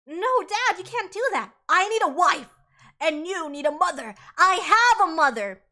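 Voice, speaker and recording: A woman's voice: extremely high pitch, very animated, moderate pace, sharp tone, heavily acted. Woman playing a melodramatic gloomy teen girl. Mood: sulky. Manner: melodramatic, sulky outbursts. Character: gloomy dramatic teenage girl.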